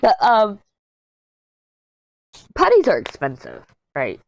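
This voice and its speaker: A woman's voice: medium pitch, huge pitch swings, takes it slowly, vocal fry, no room sound. A woman in her thirties chatting casually as a crafting vlogger while she works, rambling, easily sidetracked, candid and jokey. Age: 30s. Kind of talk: casual chat while diamond painting.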